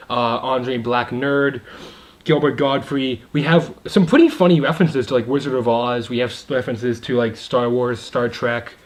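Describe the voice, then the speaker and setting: A young adult man giving a casual video movie review, excited and rambling, with many asides and fillers. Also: mid-range voice.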